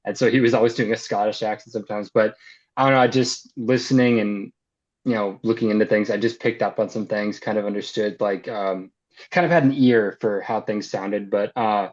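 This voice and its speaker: A man, an actor and filmmaker, talking casually as an interview guest, easygoing and rambling with lots of ums and likes. His voice sits on the low side. The recording is a bit dull and lo-fi. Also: fairly even intonation, brisk. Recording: slightly dull lo-fi sound.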